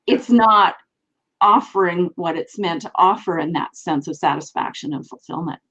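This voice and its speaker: A woman's voice: fairly low pitch, normal speed, bright, forceful tone, highs cut off. A woman hosting a live online talk show, speaking in an earnest, reflective way. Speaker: host.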